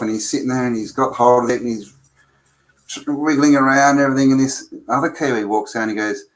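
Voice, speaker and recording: A man's voice: mid-range voice, quick pace, rough recording. A man around fifty, co-hosting a casual podcast chat with playful, self-mocking jokes. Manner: jokey, self-mocking, tells joke stories. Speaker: podcast co-host. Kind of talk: casual banter. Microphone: headset-free podcast mic, remote call.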